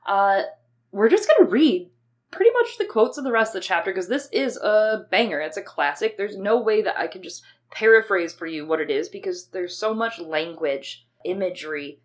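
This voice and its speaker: A woman's voice: medium pitch, animated, normal speed. A young adult woman co-hosting a podcast, talking in a chatty, rambling way with frequent swearing. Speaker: podcast co-host. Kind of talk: casual chat.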